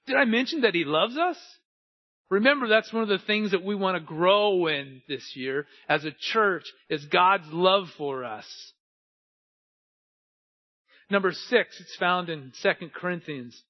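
A male pastor delivering a sermon in a high voice. He swings between loud, urgent appeals and quiet, drawn-out phrases. The recording sounds dull and lo-fi. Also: lively intonation.

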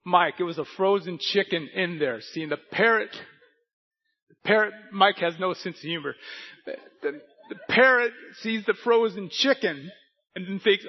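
A male pastor delivers a sermon with a folksy, storytelling manner, tossing asides to his congregation. His voice sits a little higher than most men's. The recording sounds dull and lo-fi. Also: lively intonation, normal speed.

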